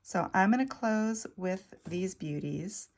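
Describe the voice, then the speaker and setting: A woman talking casually in a vlog, showing off vintage jewelry finds with enthusiasm and sometimes dropping to a soft near-whisper. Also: medium pitch, animated, slow pace. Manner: chatty, enthusiastic, drops to soft near-whispers over delicate pieces. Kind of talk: casual show-and-tell vlog.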